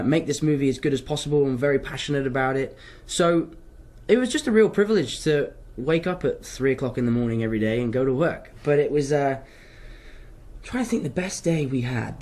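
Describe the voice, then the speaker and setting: A young man from London answers fan questions in an English accent, his voice sitting slightly above the usual male range. He talks loosely and cheerfully, wandering off track as he goes, in the easy manner of a casual live Q&A. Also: fairly high pitch. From London, England. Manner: rambling, chatty, wanders off track.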